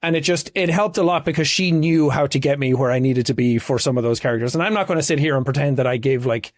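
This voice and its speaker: A man's voice: mid-range voice, fast talker, dry recording, studio quality. An Irish man in his thirties, a guest in a casual interview, talking openly and thoughtfully at length. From Ireland. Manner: reflective, talks openly and at length.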